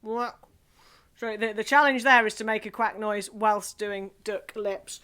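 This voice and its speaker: Her fairly high voice moves briskly as this Scottish woman leads online singers through vocal and facial warm-ups. She is cheerful and chatty and often laughs at herself.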